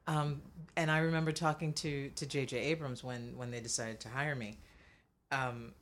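A woman of Cuban background, an actress, telling animated stories in a casual interview, laughing often and restarting her sentences. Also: a bass voice, moderate pace. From Cuban family. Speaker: actress guest.

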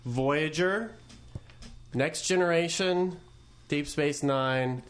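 Halting man hosting an interview. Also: on the high side, fairly bright tone. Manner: halting, restarts often. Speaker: host. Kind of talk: interview questions.

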